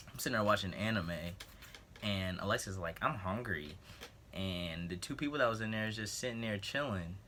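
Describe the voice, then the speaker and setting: A teenage man telling a rambling, jokey story to the camera, breaking off for asides and frequently clearing his throat. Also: on the low side, sharp tone, slight background noise. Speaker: vlogger. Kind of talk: casual storytelling.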